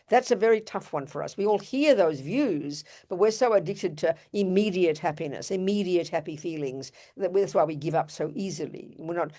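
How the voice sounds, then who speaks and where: An older woman with a warm, fairly low voice gives an earnest, emphatic Buddhist dharma talk as a teacher, tossing rhetorical asides to her audience.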